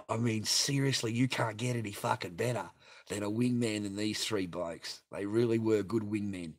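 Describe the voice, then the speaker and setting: A man's voice: fairly low pitch, moderate pace. A man with an Australian accent rambling through a blunt, profane story to his livestream viewers. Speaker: livestream host.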